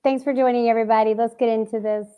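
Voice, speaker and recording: Woman streamer host, high clear voice, casual and welcoming. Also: fairly even intonation, fast talker, dark tone. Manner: chatty, teasing, welcoming. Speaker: livestream host. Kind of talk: casual chat. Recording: dull lo-fi stream audio.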